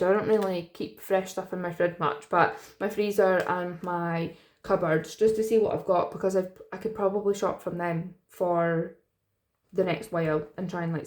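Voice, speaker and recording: Woman from the UK, casual budgeting vlogger, chatty and rambling, a little tired. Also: fairly low pitch. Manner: chatty, rambling, many fillers. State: tired, yawning. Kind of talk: casual chat to camera.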